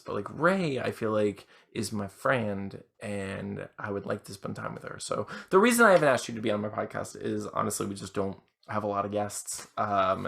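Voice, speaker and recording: A drunk man hosting a podcast, rambling through a casual monologue with halting restarts and self-deprecating asides. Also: on the low side, gravelly, a bit bright. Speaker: podcast host.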